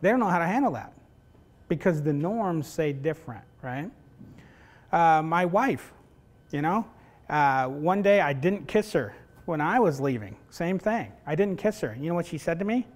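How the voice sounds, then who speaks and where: High-voiced man lecturing a class. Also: expressive, normal speed. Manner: conversational, keeps asking "right?", acts out family dialogue. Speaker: university professor teaching facilitators. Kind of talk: lecture with personal stories.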